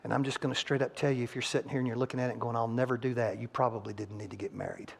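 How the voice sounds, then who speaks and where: In a church sanctuary, a male preacher speaks very fast with a medium-pitched, creaky, husky voice. He acts out what couples say to illustrate his message, animated throughout and swelling loud on each punchline.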